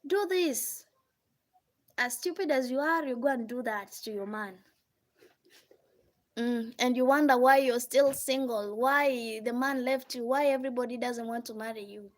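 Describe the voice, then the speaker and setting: A woman with a Kenyan accent and a high voice talks casually on a live stream, handing out blunt advice on marriage. She scolds her listeners with rhetorical questions and keeps checking in with them. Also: moderate pace.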